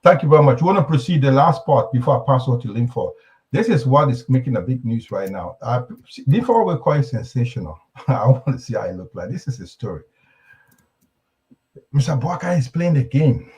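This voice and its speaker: A man hosts a live panel show, mid-pitched and conversational. He reads the newspaper aloud and keeps adding rambling asides and questions for the panel. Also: very animated, fairly quick, a little mellow, muffled recording. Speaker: talk show host.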